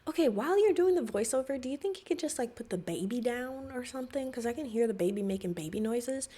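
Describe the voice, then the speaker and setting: A woman's voice: fairly high pitch, lively intonation, fast, warm tone, breathy edge. A woman hosting a reaction video, talking back to the clip with exasperated, sarcastic commentary.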